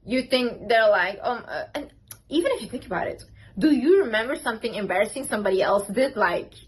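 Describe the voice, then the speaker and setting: A woman's voice: fairly high pitch, animated, brisk, slightly rough, rough recording. A young woman vlogger giving casual, emphatic confidence advice to camera, full of "like"s and "literally"s. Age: young adult. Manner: chatty and emphatic, many "like"s and "literally"s. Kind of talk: casual motivational talk to camera.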